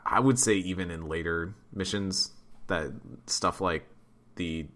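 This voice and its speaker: A podcast co-host with a low, slightly bright voice chats casually at a somewhat slow pace. He rambles, using fillers and restarting sentences.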